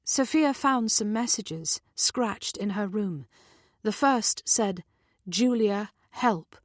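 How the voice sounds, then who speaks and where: Woman reading as a gentle, caring mother. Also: mid-range voice, slow, no echo, studio quality. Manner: gentle, patient.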